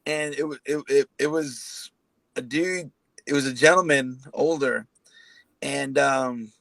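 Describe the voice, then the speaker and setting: Man, New York accent, army recruiter, rambling storyteller, slightly high voice, dry sound. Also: creaky, a bit bright, dry recording, poor audio. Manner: rambling, restarting anecdotes. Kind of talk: casual video call interview.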